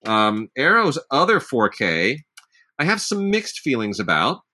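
A man's voice: medium pitch, wildly swooping pitch, unhurried, sharp tone. A middle-aged man co-hosting a casual film discussion, talking in an enthusiastic, knowledgeable way and dropping names. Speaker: podcast co-host.

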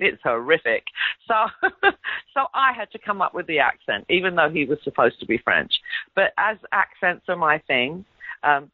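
A middle-aged actress from England with a mid-Atlantic English accent, chatting through an interview story by story with plenty of ums and restarts. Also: female voice, deep voice, dry recording. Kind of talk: casual interview chat. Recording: tinny phone-like line, dry.

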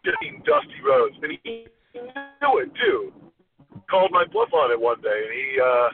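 A man's voice: medium pitch, sing-song, normal speed, faint music behind. A man, a former wrestler, telling a story in an interview, rambling with frequent restarts. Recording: tinny phone line with faint hiss.

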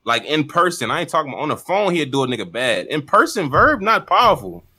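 Slangy laid-back man, bright husky voice. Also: on the high side, very animated, quick pace. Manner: slangy, laid-back, trails off mid-sentence. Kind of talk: casual chat about battle rap.

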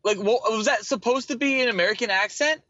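A man's voice: very high voice, fast, bright, forceful tone, dry recording. A man co-hosting a podcast, chatting casually about a film, agreeable and jokey, with frequent laughs. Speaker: podcast co-host. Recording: dry, dull lo-fi mic.

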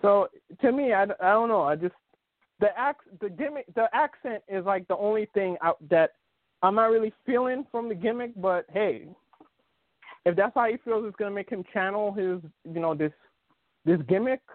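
At a moderate pace, a podcast host with a high-sitting voice rambles about sports, restarting often and using many fillers. The phone connection sounds tinny and dry, free of room sound.

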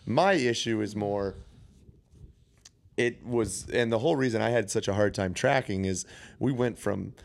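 Male podcast co-host, lower register, even-tempered and reasonable. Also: measured pace, vocal fry, long pauses. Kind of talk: casual movie chat.

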